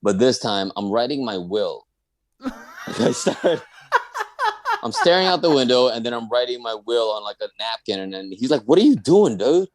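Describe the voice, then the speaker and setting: Crowd noise surrounds this Dallas-area comedian as he tells a humorous personal story on a podcast. Animated, he imitates his friends' voices, speaking in a mid-range voice at a normal speed.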